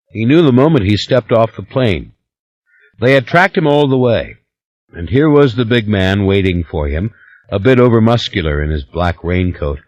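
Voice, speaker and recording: Lively, low-voiced male narrator. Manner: measured, expressive reading. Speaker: audiobook narrator. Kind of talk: scripted narration.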